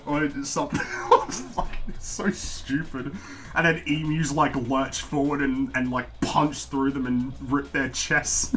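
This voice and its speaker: A man's voice: medium pitch, measured pace, a bit bright, faint music behind. A man with an Australian accent chatting casually on a livestream while he draws and answers questions from chat. He rambles, pokes fun at himself and laughs often.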